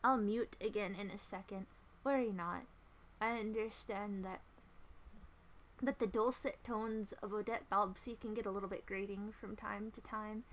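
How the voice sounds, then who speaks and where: A woman's voice: on the high side, normal speed. A woman hosting a livestream, rambling in casual chat with her viewers in a playful, self-mocking way. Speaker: livestream host.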